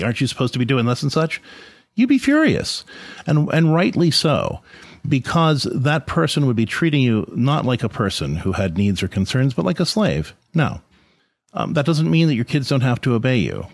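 A man's voice: medium pitch, sing-song, moderate pace, no room sound. A man hosting a podcast, giving an earnest, conversational reflection on faith and parenting with frequent restarts. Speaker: podcast host and parenting speaker.

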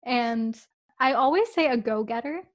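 Woman, 20s, podcast co-host, casual chat, higher pitch, giggly, earnest. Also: expressive, moderate pace.

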